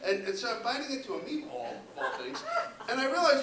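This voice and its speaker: A man in his fifties doing a stand-up set, halting and full of ums and repeated words, recorded in a club with audience laughter. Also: very high-pitched, wildly swooping pitch, very noisy. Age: 50s. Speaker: stand-up comedian. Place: comedy club stage. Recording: roomy club sound from a distance with loud crowd.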